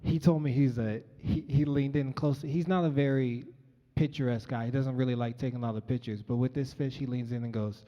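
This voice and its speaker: An earnest young man from Colorado tells a personal story to a live audience in a conversational way, with plenty of ums. His voice sits at a middling pitch. The sound is dull, with a long hall reverb around it. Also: steady tone, brisk. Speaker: featured storyteller. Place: large event hall, on stage.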